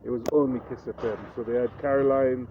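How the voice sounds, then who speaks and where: A man's voice: medium pitch, fast talker. A middle-aged man with a Kenyan accent, a guest telling his story in a casual interview, acting out voices as he goes. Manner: animated storyteller who acts out voices. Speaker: guest, radio personality. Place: hotel. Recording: tinny phone-like sound, faint noise.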